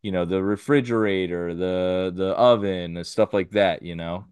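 A man's voice: low voice, fairly even intonation, normal speed, a little mellow, clean tone, no room sound. A man hosting a podcast in casual chat, easygoing and steering the topics. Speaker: podcast host.

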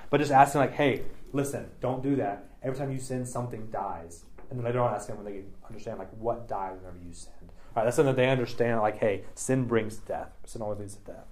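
A man's voice: mid-range voice, quick pace, darkish tone. Chatty man leading a Bible study. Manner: chatty, many "like" and "right?" tags. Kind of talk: casual teaching discussion.

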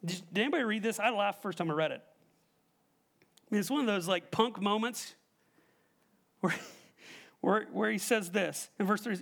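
A pastor preaching a sermon, emphatic and direct, often asking the congregation questions. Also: male voice, high-pitched, moderate pace, vocal fry, long pauses, a bit bright.

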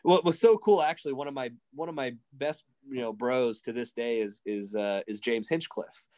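A man, telling a racing story in a casual, excitable way and acting out quotes. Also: medium pitch, moderate pace. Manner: animated, excitable, acts out quotes. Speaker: guest, racing driver coach.

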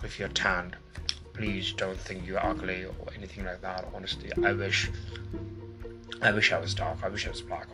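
A young man with a low-pitched voice talks casually to his viewers, wandering off topic and poking fun at himself. He comes from Nepal. Guitar music plays clearly behind him. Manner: rambling, digressive, jokey and self-deprecating. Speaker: video host. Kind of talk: casual talk to camera.

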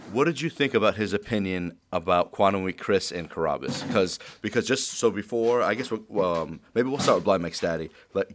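Rambling low-voiced man on a podcast. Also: fairly bright tone. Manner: rambling, heavy on filler words and swearing. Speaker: podcast co-host. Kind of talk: casual podcast chat.

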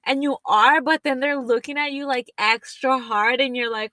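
A young woman guest in casual chat, reacting with drawn-out exclamations. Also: sits high, fairly even intonation, sharp tone, no echo.

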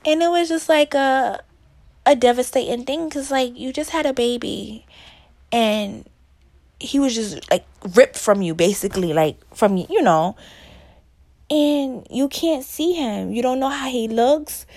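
A woman's voice: fairly high pitch, expressive, a little slow, darkish tone. A young woman telling the story of her son's birth in a casual voice message, candid and rambling, with many fillers and restarts, her voice rising when she gets upset.

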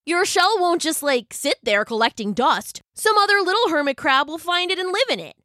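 A woman voicing an upbeat, colorful young male hermit crab who talks in an excited, bubbly way, in a storybook reading. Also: very high-pitched, normal speed, no room sound, clean studio sound, pitched above the performer's own voice, heavily acted.

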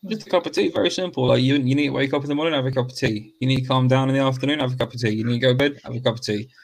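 A man talking over friends on a casual podcast, sweary and mock-solemn as he rambles. His voice sits at an ordinary middle pitch, unhurried and loose. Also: creaky.

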